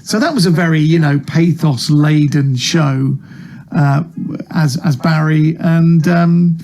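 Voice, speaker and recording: Man, comic actor, slightly high voice, chatty, self-deprecating, video call interview. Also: slow, darkish tone. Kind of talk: casual interview chat.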